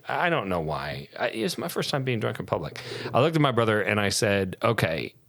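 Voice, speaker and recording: Brief: deep-voiced male podcast guest, rambling anecdotes, dry close mic. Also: very animated, normal speed, a bit bright, dry recording. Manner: rambling anecdotes with many fillers and restarts. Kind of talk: casual storytelling.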